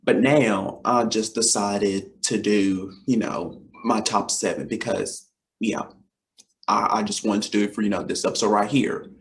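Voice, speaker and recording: A man's voice: fairly low pitch, steady tone, a little slow. A man in his twenties hosting his own education talk show. He speaks casually and enthusiastically, repeating himself and using many fillers as he talks straight to his audience. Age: 20s. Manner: enthusiastic, repetitive, lots of fillers and direct address. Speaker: host.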